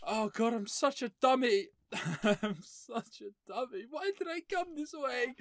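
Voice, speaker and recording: A woman's voice: fairly high pitch, expressive, a little slow, no room sound, studio quality. A young woman commentating her play of a horror game, panicking, laughing and swearing at it. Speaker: gaming YouTuber.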